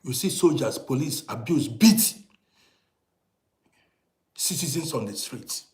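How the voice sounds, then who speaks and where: Speaking slowly with a lively intonation, this vlogger has a medium-pitched, slightly mellow voice and a Nigerian accent. Indoors in Europe, he rants emphatically to his viewers, firing rhetorical question after rhetorical question, in a roomy, echoey space.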